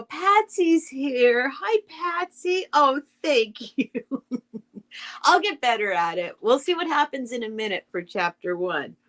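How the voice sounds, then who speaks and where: A woman hosts a casual live stream, reading a children's book aloud and greeting viewers by name. She talks in a rambling, sentimental way, with a voice of ordinary middle pitch. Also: a bit bright. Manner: sentimental, gets emotional over the text.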